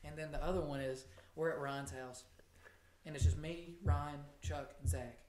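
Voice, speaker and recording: A man's voice: fairly high pitch, fairly even intonation, normal speed, darkish tone, roomy sound, a little hiss or hum. A young man telling stories in casual chat with friends on a podcast, laughing often. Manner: laughing storyteller. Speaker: podcast co-host.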